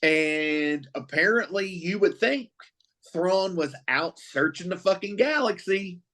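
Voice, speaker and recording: A man co-hosting a podcast, chatting casually with a profane, excitable fan's rambling. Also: on the high side. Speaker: podcast co-host. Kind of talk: casual chat.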